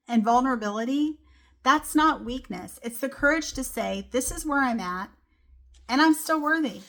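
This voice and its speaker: A woman's voice: fairly high pitch, sharp tone. A young woman hosting a solo motivational podcast, talking casually with lots of "like" and "you know.". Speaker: podcast host.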